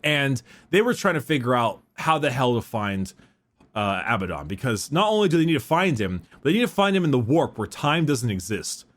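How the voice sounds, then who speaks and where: A man's voice: medium pitch, big pitch swings, fairly quick, a bit bright. A man co-hosting a podcast in a casual, rambling way, laughing often and fumbling names. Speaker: podcast co-host. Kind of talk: casual chat.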